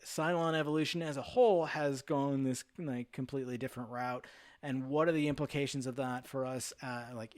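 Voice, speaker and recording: Rambling man in a casual podcast chat. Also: mid-range voice. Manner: rambling, many fillers, swears. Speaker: podcast guest.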